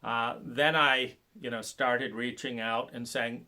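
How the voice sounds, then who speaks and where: A man giving an impassioned, sarcastic monologue about trauma recovery, halting often with fillers and restarts. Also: medium pitch, bright, forceful tone. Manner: sarcastic, mocks others in put-on voices.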